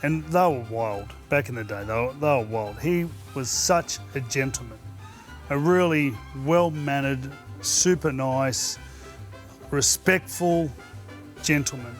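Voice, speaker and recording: A man's voice: medium pitch, takes it slowly, soft background music. A middle-aged Australian man telling rowdy anecdotes in casual chat, laughing as he goes. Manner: laughs through his anecdotes. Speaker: podcast co-host, former player. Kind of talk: casual storytelling.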